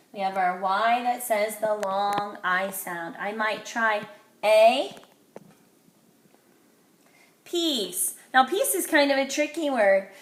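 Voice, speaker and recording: A woman teacher giving an early-grade phonics lesson, speaking slowly and clearly, sounding out words and praising the class. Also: a little high, a bit bright. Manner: slow, clearly enunciated, encouraging, sounds words out. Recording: echoey room, faint noise.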